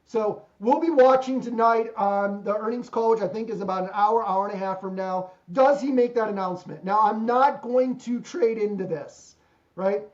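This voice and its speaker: This podcast host from Ohio, USA, talks at a moderate pace in a voice that sits high. He chats and jokes about deals and markets on a video call, and the lo-fi call audio is slightly dull.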